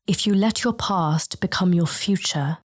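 A woman voicing a wise, solemn female star being who speaks slowly and soothingly in an audiobook. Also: fairly low pitch. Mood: warning. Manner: slow, measured, soothing. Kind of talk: audiobook character reading.

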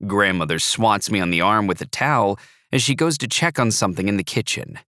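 A man with a low voice reads a first-person novel aloud, wry and measured in his delivery. The recording is dry and close, with no echo at all. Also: pushed and bright. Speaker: narrator. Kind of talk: first-person audiobook narration.

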